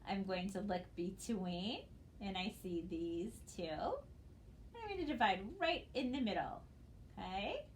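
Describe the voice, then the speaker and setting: A woman teacher giving a recorded phonics lesson, slow and patient, spelling out letters one at a time. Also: medium pitch, big pitch swings, slight background noise.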